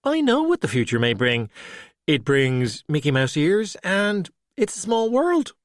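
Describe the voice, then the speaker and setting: Man doing a young Irish girl detective, higher voice, insistent, dry close sound. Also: lively intonation, normal speed, no echo, close to an everyday voice. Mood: eager. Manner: insistent, wry and impatient.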